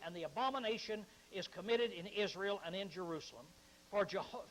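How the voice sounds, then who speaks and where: A man teaching through a Bible book verse by verse, chatting with many fillers and restarts, reading scripture slowly and with emphasis. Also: high-pitched, fairly bright tone, slight background noise, poor audio. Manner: conversational, frequent uh fillers and restarts.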